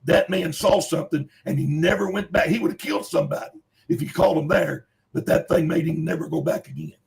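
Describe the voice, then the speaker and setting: A man's voice: fairly high pitch, fairly quick, creaky, a little mellow. A man, a preacher telling a story as a guest in an earnest, plain-spoken, emphatic way. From Kentucky. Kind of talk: folksy storytelling.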